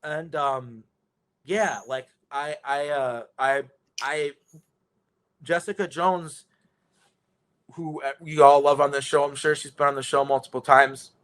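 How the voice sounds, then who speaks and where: A man's voice: on the high side, fairly even intonation, a little slow, long pauses, fairly bright tone. A man telling a rambling story in casual conversation, swearing often and restarting his sentences. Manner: rambling, profane, many restarts.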